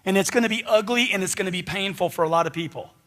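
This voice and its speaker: Loud high-voiced guy hyping a crowd, punchy rhetorical questions, handheld mic. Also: fast talker, big-room sound. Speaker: motivational speaker. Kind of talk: live motivational speech.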